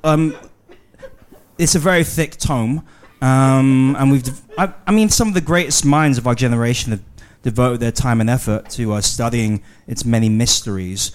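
Brief: male comedy podcast host, average pitch, stumbling and playfully bossy. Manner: halting, mock-bossy, many fillers. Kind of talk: live comedy podcast banter.

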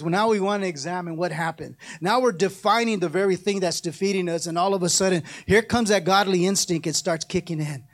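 A man preaching a sermon as pastor, with call-and-response and passages that climb into shouted, half-sung pleas. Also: high-pitched.

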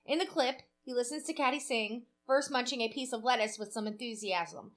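A woman's voice: fairly high pitch, a little fast. A woman co-hosting a podcast in casual chat, opinionated and swearing freely. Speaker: podcast co-host.

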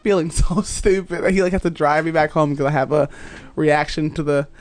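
A woman's voice: sits low, fairly even intonation, fairly quick, darkish tone. A young adult woman, a podcast guest, telling a story in casual chat, laughing often and acting out the voices of people she quotes.

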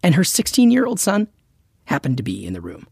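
A podcast host reading a scripted narration in a measured, explanatory way. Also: medium pitch, huge pitch swings, no room sound, studio quality. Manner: clear, measured explainer delivery.

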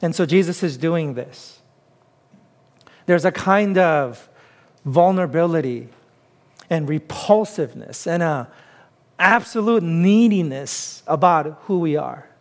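A middle-aged pastor preaching a sermon in a conversational, emphatic way, mixing scripture reading with plain everyday examples. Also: male voice, fairly high pitch, expressive, slow pace, long pauses. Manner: conversational, emphatic preaching with self-deprecating humor.

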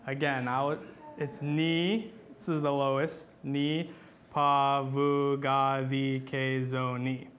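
A man's voice: medium pitch, little pitch movement, takes it slowly, a bit bright. A man teaching a class on church chant, talking patiently with many fillers and restarts, and singing short examples.

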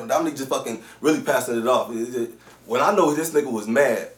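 A man co-hosting a podcast, telling a long story in a casual, slangy, animated way with lots of swearing. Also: medium pitch, fast talker. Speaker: podcast co-host. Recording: roomy, distant mic.

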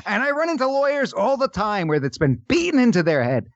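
A man's voice: high voice, sing-song, a little fast, few pauses, no echo, muffled recording. A man hosting a podcast, talking casually and with strong opinions, often slipping into mocking voices. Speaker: podcast host.

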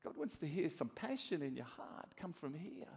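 A middle-aged man from Australia preaching a sermon as a pastor, swinging between soft asides and loud emphasis. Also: on the high side, sing-song, moderate pace, creaky, breathy edge.

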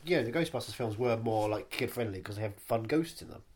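A man's voice: on the low side, expressive, fast talker, darkish tone, a little hiss or hum. A man in his late twenties, co-hosting a podcast in rambling, sardonic casual chat. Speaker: podcast co-host.

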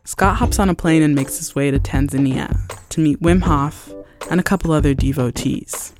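A man delivers scripted story narration with calm, measured pacing. His voice sits a little on the high side. Faint music runs under it. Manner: measured, scene-setting delivery. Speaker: show narrator.

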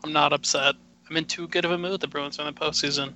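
A man's voice: on the high side, flat delivery, fast talker, sharp tone, rough recording. A man on a casual podcast, ranting brashly and swearing freely. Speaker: podcast co-host. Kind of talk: casual chat.

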